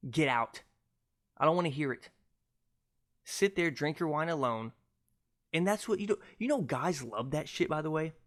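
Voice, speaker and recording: A young man hosting his own podcast on a cheap mic, ranting loudly and mockingly with lots of swearing. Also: medium pitch. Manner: loud, mocking, profane ranting. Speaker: podcast host. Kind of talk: casual ranting monologue. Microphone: cheap USB podcast mic.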